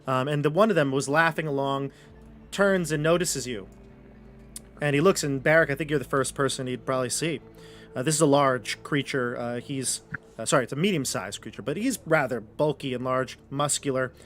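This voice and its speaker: A man's voice: mid-range voice, normal speed, a bit bright, soft background music. A man narrating a tabletop role-playing game as game master, in rambling, chatty descriptions full of fillers.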